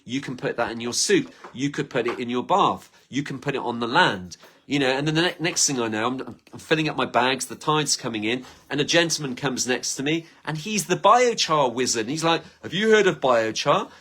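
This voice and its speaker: A man's voice: mid-range voice, expressive, a little fast, bright, forceful tone. Rambling, enthusiastic man. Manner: rambling and enthusiastic, acts out imagined quotes. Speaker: channel host. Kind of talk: casual rambling monologue.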